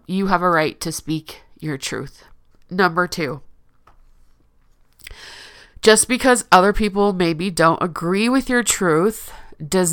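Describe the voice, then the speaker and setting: A woman's voice: lowish voice, fairly bright tone, smooth. A woman speaking earnestly in a confessional personal monologue, emotional and often restarting her sentences.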